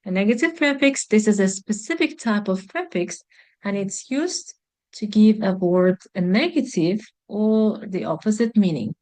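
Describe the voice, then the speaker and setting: A woman teaching an English lesson on video, explaining slowly and carefully with frequent "um" and "like". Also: medium pitch, animated, darkish tone.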